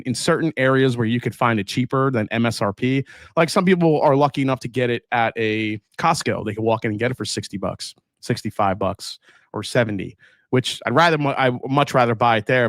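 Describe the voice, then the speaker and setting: A man's voice: medium pitch, no echo. Casual, rambling male live-streamer, dry sound. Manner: rambling, thinks aloud with fillers and restarts. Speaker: whiskey reviewer hosting a live stream. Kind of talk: casual live-stream chat, unboxing and reading chat.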